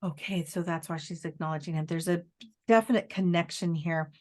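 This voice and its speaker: A woman working as a psychic medium, giving a live spirit reading in a halting, searching way with many fillers, often quoting the spirit. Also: on the low side, steady tone, darkish tone. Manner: relays messages by quoting the spirit in first person.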